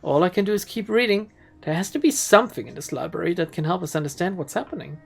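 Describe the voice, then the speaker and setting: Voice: medium pitch, fast, creaky, breathy edge. A streamer reading a cautious woman scholar. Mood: earnest. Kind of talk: reading game dialogue aloud.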